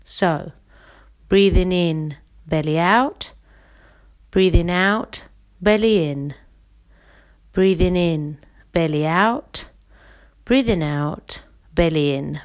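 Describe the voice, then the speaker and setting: Slow, calm woman teaching breathing. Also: lowish voice. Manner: slow, calm, instructive, counts and demonstrates. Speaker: singing teacher. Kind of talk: guided breathing exercise lesson.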